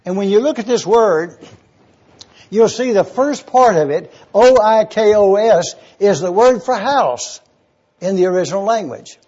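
A man's voice: high-pitched, expressive, measured pace, darkish tone, slightly rough, lo-fi sound. A man preaching a sermon, eagerly teaching word meanings and spelling terms out letter by letter. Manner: enthusiastic teaching.

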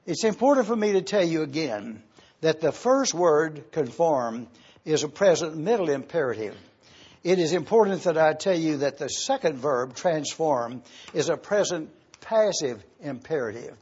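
A man preaching an expository sermon, slowly spelling out Greek words letter by letter as he teaches. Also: fairly high pitch, expressive, darkish tone, breathy edge, dull audio.

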